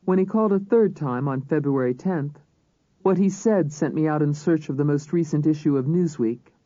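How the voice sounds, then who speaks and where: A man reading a crime novel aloud as narrator, in a measured, even storytelling manner. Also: a little high, no room sound. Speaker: audiobook narrator. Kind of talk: scripted narration. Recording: slightly dull audiobook recording.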